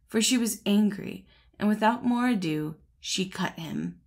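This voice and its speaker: A woman's voice: medium pitch, animated, measured pace. A woman host narrating a classic fairy tale as an audiobook, greeting listeners in a friendly, chatty way before reading steadily. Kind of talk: storybook narration.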